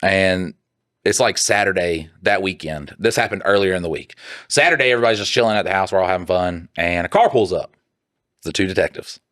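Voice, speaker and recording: A man co-hosting a podcast, telling a story in casual chat, animated and swearing freely, acting out what other people said. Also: deep voice, no room sound, clean studio sound. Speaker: podcast co-host.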